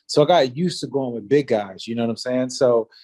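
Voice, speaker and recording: A man's voice: mid-range voice, a little fast, mellow. A man in his forties, a former fighter, telling a story in casual interview talk, loose and rambling with many fillers and restarts.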